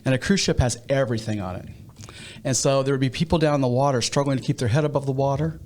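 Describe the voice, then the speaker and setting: A man with a Midwestern American accent talks through his story as a guest on a podcast. He is a pastor, and his voice sits at a middle pitch. He talks in an unhurried way and often restarts his sentences. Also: darkish tone. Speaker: nonprofit leader and pastor. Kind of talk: interview conversation.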